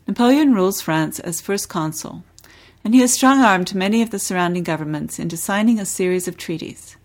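A woman hosting a book podcast, reading a novel excerpt in a measured, expressive way and interviewing an author. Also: mid-range voice. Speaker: podcast host.

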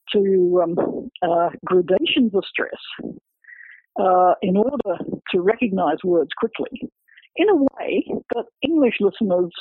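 A man's voice: high voice, breathy edge, no room sound. A man, a researcher and author, explaining his work in an interview, walking through examples step by step. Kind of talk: explanatory academic interview talk. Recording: tinny phone-line audio.

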